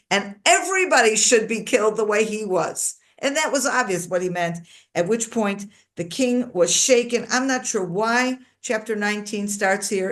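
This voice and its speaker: A woman leading a Bible study class, reading verses aloud and then explaining them in a chatty, informal way. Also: medium pitch. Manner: conversational, with frequent fillers and asides to the class. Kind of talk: interactive class lecture.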